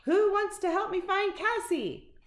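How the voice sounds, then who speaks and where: A woman's voice: high-pitched, very animated, slow, pitched above the performer's own voice, full character voice. A woman reading aloud and voicing a playful, curious male dog in an eager, cheeky tone. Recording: roomy echo.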